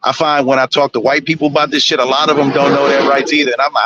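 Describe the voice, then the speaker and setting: A man's voice: medium pitch, little pitch movement, fast talker, bright, forceful tone, muffled recording, a little hiss or hum. A man ranting on a live stream, blunt and preachy, swearing constantly. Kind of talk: profane ranting monologue.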